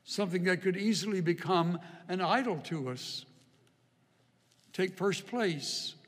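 Male pastor, middle-aged, wry and earnest, fairly high pitch, echoey sanctuary sound. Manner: conversational storytelling, wry and earnest. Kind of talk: sermon with personal stories. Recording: long reverb of a large hall.

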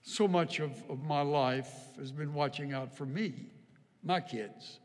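Male pastor, middle-aged, wry and earnest, fairly high pitch, echoey sanctuary sound. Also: measured pace. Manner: conversational storytelling, wry and earnest. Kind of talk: sermon with personal stories. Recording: long reverb of a large hall.

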